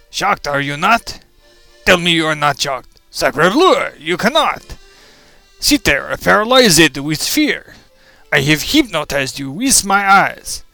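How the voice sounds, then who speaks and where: A vengeful French-accented spider. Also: male voice, high-pitched, vocal fry, pushed and bright, heavily acted. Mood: menacing. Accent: mock French. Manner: melodramatic, villainous, theatrical. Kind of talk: comedic monologue.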